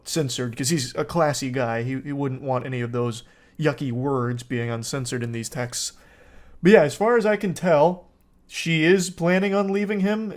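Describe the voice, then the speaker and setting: A man giving comedic reaction commentary, sarcastic, crude and exasperated. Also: fairly high pitch.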